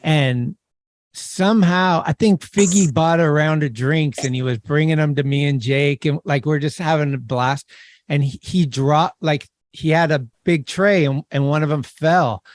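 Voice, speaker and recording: A man hosting a podcast, chatting casually and excitably, laughing often. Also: a little high, unhurried, no echo. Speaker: podcast host. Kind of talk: casual chat.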